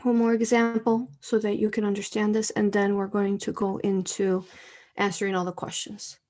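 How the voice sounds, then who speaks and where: A woman hosting a live spiritual talk, speaking with emotion, soft laughs and frequent fillers like "okay" and "you know". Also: mid-range voice, level tone, moderate pace. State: tearful.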